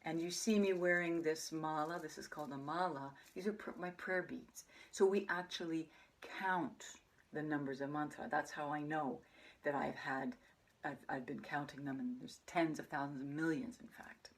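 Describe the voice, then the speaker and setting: A woman teaches a meditation practice in a fairly low voice. She speaks softly and calmly, often sinking into a breathy near-whisper. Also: normal speed. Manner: soft, calm delivery that drops into breathy near-whispers; chants mantras in a low murmur. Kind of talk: spoken meditation teaching to camera.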